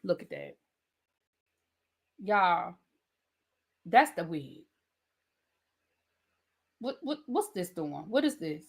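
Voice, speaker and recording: A woman hosting a live review, retelling scenes in a lively way and mimicking the people she describes. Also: on the low side, very slow, creaky, long pauses, husky. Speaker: TV review channel host. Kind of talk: live rant and recap of a reality show.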